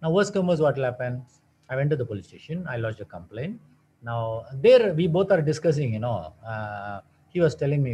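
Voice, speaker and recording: This man's medium-pitched, warm voice swings widely in pitch as he speaks briskly, giving a wellness talk as a naturopathic doctor that weaves a personal story into teaching. He leans on rhetorical questions and repeated words for stress, over dull audio with a little hiss or hum.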